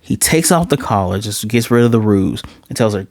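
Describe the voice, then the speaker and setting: A man recapping an anime episode in a loose, excited way, jumping into quick voices for the characters and throwing in slang. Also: on the low side, no room sound, studio quality. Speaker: anime reviewer.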